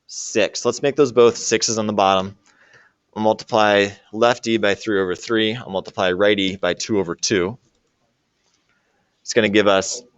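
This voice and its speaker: A man's voice: lowish voice, fairly bright tone, smooth, dry recording. A man teaching a math lesson to a classroom and joking with his students as he works through problems. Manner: jokey, talks to students while working problems. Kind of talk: classroom lecture.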